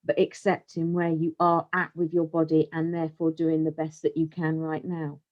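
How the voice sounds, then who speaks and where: Thoughtful low-voiced woman, muffled call. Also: completely flat delivery, moderate pace. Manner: reflective, supportive, thoughtful questions. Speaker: podcast co-host. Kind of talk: casual chat.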